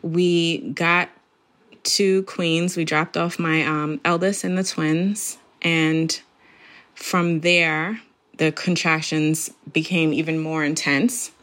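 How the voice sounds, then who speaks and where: A middle-aged woman calmly recounting a birth story, reflective and laughing softly at moments. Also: low voice, slow pace. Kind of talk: storytelling interview.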